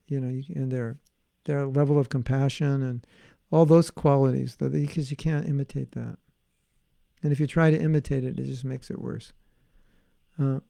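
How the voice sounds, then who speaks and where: A man's voice: on the high side, vocal fry, darkish tone, no room sound. An American man, a spiritual teacher, giving an online class with questions and answers, playful, often acting out little dialogues and laughing. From United States.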